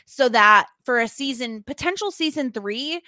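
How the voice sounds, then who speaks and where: A woman co-hosting a TV recap podcast in casual chat, telling the story with animated emphasis. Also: high-pitched, normal speed, dry recording, studio quality. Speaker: podcast co-host.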